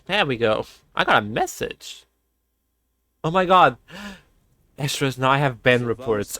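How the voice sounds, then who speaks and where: A man streaming a video game, chatting casually and excitably, cooing fondly at animals and laughing often. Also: medium pitch, slow pace, pauses often, no room sound. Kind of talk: casual gameplay commentary.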